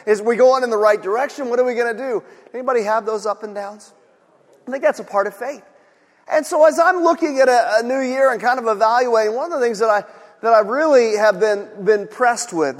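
A man's voice: high-pitched, big-room sound. A male pastor preaching a sermon, earnest, repeating key phrases for emphasis.

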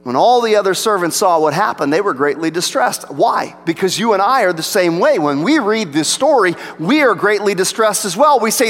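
A pastor preaching a sermon, rising for emphasis and dropping to a low hush. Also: male voice, animated, moderate pace, few pauses. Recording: long reverb of a large hall.

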